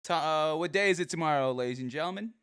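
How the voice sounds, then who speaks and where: A man's voice: on the high side, quick pace, clean tone, dry recording, studio quality. A man hosting a casual podcast interview, teasing his guest and hyping her up. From Seattle area, United States. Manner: animated, teasing, hypes the guest. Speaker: podcast host.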